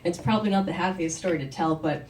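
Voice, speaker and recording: Storyteller: woman, lowish voice, candid wry delivery, roomy distant live recording. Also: fast talker, darkish tone, slight background noise. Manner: candid, conversational, with wry asides. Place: story night venue.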